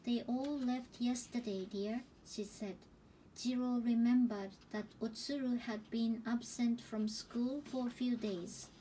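Woman audiobook reader, slow gentle storytelling, mellow tone, a bit far from the mic, faint room ambience. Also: a little high, fairly even intonation, slight background noise.

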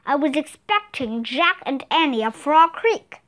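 A woman voicing a booming scornful ice wizard. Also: lively intonation, a bit bright. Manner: booming, slow, commanding. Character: gruff giant one-eyed wizard, scornful.

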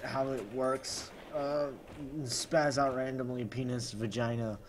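Guy spoofing a gaming youtuber, over the top excited, sarcastic, mid-pitched voice, faint hiss behind. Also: slow pace. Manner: overexcited, constant gasping exclamations; sarcastic asides. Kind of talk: comedic gameplay commentary.

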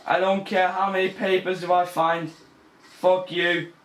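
A man's voice: high voice, little pitch movement, a little slow, fairly bright tone, reverberant. A young man commentating a horror game as he plays, nervous and easily scared, swearing and laughing. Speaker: gamer. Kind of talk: let's play commentary.

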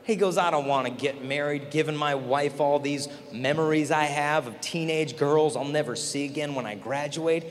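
Male conference speaker, lively storyteller, voice ringing in a large hall. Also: fairly high pitch, normal speed, few pauses. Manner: animated, acts out quoted voices. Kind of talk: storytelling talk to a youth audience. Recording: long hall reverb, faint noise.

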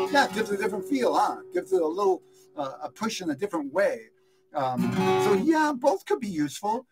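A man teaching guitar in a live question-and-answer lesson, relaxed and rambling, often correcting himself and counting beats aloud. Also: high voice, brisk. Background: his own guitar playing.

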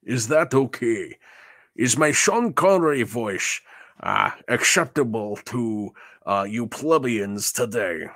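A man doing a slow, grand Scottish film-star voice. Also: medium pitch, big pitch swings, fairly bright tone, no room sound, studio quality, pitched above the performer's own voice, heavily acted. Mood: mock-grand. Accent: Scottish, put on. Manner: mock-grand, teasing the audience.

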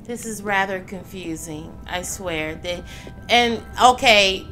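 A woman playing a horror game, reacting out loud and swearing when startled. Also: mid-range voice, slow, faint music behind. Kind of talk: let's play commentary. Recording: background noise under the voice.

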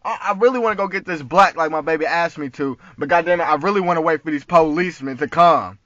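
Guy ranting in his car, high bright voice, heated and cussing, dull phone audio. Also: quick pace, no room sound. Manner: heated, profane, streetwise slang. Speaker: vlogger. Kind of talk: angry ranting story. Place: inside a parked car.

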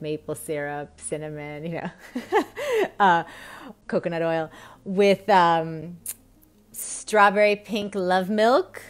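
A woman in her thirties hosting a weekly live stream, chatting casually in a bubbly, rambling way with many fillers and quick laughs. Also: fairly low pitch. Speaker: host of a weekly live stream on women's health.

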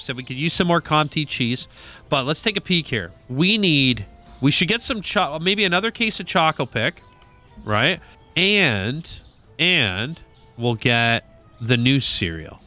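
Lively, bright-voiced man playing a game. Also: a little high. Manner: animated, joking, swears and talks to game characters. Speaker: gaming video creator. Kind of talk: casual gameplay commentary.

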